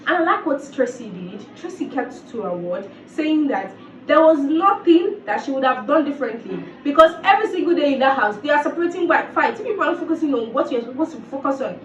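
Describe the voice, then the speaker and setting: A woman's voice: sits high, lively intonation, fairly quick, a little hiss or hum. A woman giving a casual, exasperated commentary and repeating phrases for emphasis. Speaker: reality TV commentator. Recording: roomy, distant, dull sound.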